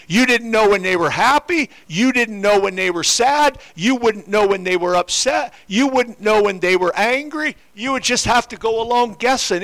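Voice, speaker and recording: A man's voice: high-pitched, a bit bright. An older man preaching a sermon to his congregation, repeating rhetorical questions. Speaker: pastor. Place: church.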